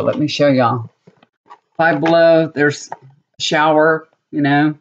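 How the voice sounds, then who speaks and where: A middle-aged woman and tarot reader chatting casually to viewers, rambling and laughing often. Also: sits low. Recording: slightly dull lo-fi audio.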